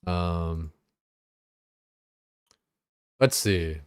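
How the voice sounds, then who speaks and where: A young male streamer vents in a casual, profane rant that keeps circling back on itself. His voice sits a little low, and the sound is close and dry with no room around it. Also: very slow, clear, resonant tone, no room sound. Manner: profane, exasperated ranting with filler words. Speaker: gaming streamer.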